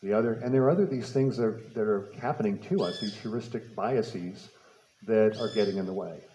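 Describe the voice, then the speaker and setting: A man's voice: lowish voice, fairly quick, dark tone, roomy sound, slight background noise, low-quality recording. A man giving a public talk, telling a personal story with repeated words and light laughter. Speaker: speaker. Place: talk venue.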